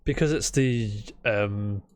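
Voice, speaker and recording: A man's voice: on the low side, takes it slowly, smooth. A young British man co-hosting a casual gaming podcast, bantering and swearing now and then. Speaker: podcast co-host. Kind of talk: casual chat.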